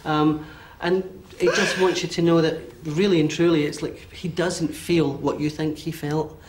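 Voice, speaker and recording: A Scottish man in his forties giving a medium's reading, talking in a quick, animated way with many fillers and checks. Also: a little high. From Scotland. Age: 40s. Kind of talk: live one-to-one reading before an audience.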